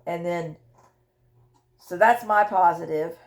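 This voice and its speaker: An older woman talking candidly about her grief in a personal vlog, emotional and halting, often repeating words as she searches for them. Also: on the low side. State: widowed, tearful. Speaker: vlogger sharing her grief journey.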